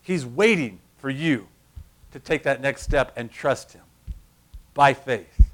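A middle-aged male pastor preaching a sermon, telling stories with lively acted-out voices and loud, emphatic peaks. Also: medium pitch, slow. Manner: animated storytelling, acting out voices, rising to loud emphasis.

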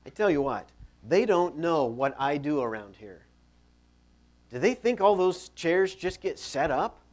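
A man voicing a jealous, resentful male church member who grumbles and pities himself, with a high, loud, whiny delivery. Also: animated, normal speed. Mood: indignant. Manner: whiny, resentful, self-pitying.

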